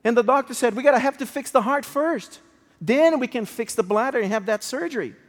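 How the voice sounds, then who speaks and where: A man preaching a sermon as a story, swinging between hushed, slow lines and raised, emotional ones. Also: very high voice. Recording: long hall reverb.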